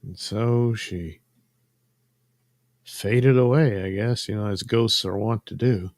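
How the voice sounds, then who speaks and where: A man's voice: fairly low pitch, takes it slowly, darkish tone, no echo. A man hosting a casual commentary while coloring drawings, rambling and sardonic, trailing off into fillers. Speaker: host.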